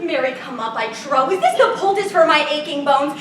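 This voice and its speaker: A woman's voice: high-pitched, expressive, brisk, fairly bright tone. A woman acting the part of a fussy, teasing old nurse in a live stage play, groaning and laughing through her lines. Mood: bossy teasing. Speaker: stage actor. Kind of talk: live student stage performance. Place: theater stage. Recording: echoey hall from far off.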